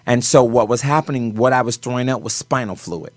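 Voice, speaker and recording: A man's voice: medium pitch, a little fast, dry recording. Man telling a dramatic story, dry sound. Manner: animated storyteller with sudden swings in loudness. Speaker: guest choreographer. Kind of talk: personal story in a talk show interview.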